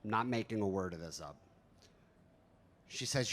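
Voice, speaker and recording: A man's voice: lowish voice, expressive, moderate pace, long pauses, fairly bright tone, slight background noise. Profane man doing stand-up. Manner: profane, conversational, self-deprecating. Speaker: stand-up comedian. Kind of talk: stand-up storytelling.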